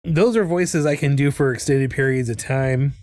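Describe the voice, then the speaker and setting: A man's voice: medium pitch, moderate pace, a little mellow, dry recording, clean studio sound. A man chatting casually on a live art stream, rambling and restarting his sentences. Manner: rambling, with many restarts and laughs.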